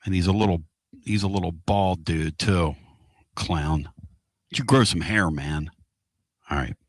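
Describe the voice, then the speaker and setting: A man hosting a casual radio talk show from inside a moving car, excitable and rambling. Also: sits low, measured pace, no echo. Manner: excitable, rambling and loud-mouthed.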